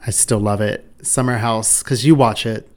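A woman's voice: very deep voice, steady tone, normal speed, a little mellow. A woman hosting a casual chat, candid and loose, swearing freely and restarting her sentences. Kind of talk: casual chat about reality TV.

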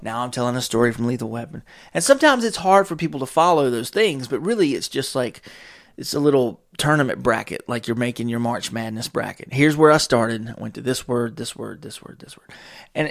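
A medium-pitched man speaks expressively at a moderate pace, his voice creaky and his pauses few. On his solo podcast he chats casually, jumping between tangents, cursing frequently and chuckling along the way.

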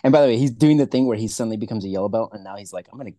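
A man co-hosting a casual podcast chat, talking quickly and swearing freely as he rambles. His voice is dark and mellow, and the room sounds dry and close. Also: fairly low pitch, dry recording. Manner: fast, profane, rambling rants. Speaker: podcast co-host.

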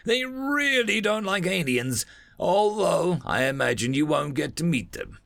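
Man voicing a calm menacing soldier, slow, flat, gravelly, dry. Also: on the high side, no room sound, pitched above the performer's own voice, exaggerated voice. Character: cold, calm male soldier.

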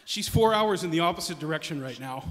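A man's voice: a little high, expressive, fast talker, a bit bright, big-room sound. A man telling stand-up stories about his family in a rambling, hesitant way. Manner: rambling, hesitant, with many restarts. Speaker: comedian. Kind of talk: stand-up comedy storytelling.

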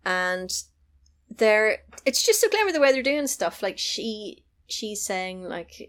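A woman in casual podcast chat, recapping a film with lively, chatty storytelling. Her voice sits at an ordinary middle pitch. She now and then leaps upward when she acts out a line. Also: takes it slowly. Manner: animated storytelling, acting out lines in a high voice.

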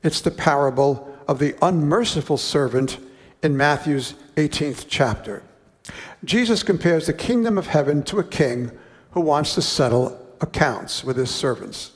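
A man's voice: fairly high pitch, lively intonation, unhurried, in a large hall. A man preaching a sermon, reading a parable aloud and breaking off for conversational, wry asides.

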